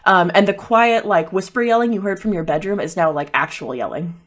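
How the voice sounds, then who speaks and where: A woman's voice: medium pitch, fairly quick. A woman narrating as game master of a tabletop game, chatty and full of fillers.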